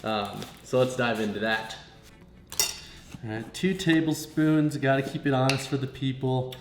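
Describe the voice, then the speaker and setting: A man's voice: medium pitch, unhurried, noisy background. A young man from Missouri with a Missouri accent, talking casually to the camera as a fitness vlogger in his home kitchen, joking as he goes. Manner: chatty, jokey, talks to the camera. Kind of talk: casual vlog narration. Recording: roomy home sound with faint music.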